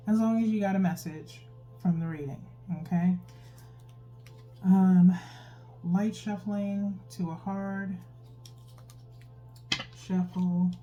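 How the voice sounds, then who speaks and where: A woman's voice: medium pitch, fairly even intonation, slow, long pauses, dark tone, highs cut off. A woman giving a casual tarot reading, chatty and explaining, who keeps tagging her sentences with a questioning "okay?". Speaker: tarot reader. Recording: faint instrumental music behind.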